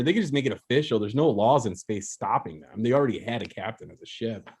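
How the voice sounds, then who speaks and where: A man's voice: on the low side, expressive, fast talker, a little mellow, breathy edge. A young man hosting an open mic over a video call, doing a rambling, self-mocking stand-up bit with frequent laughs and restarts. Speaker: open mic host and comedian.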